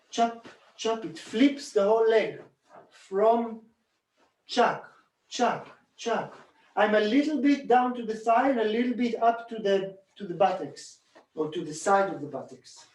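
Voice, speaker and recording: Man teaching with roomy distant sound. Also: high voice. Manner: calm, repeats rhythmic sounds while working. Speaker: bodywork teacher. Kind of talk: demonstrating a hands-on technique. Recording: roomy echo, distant from mic.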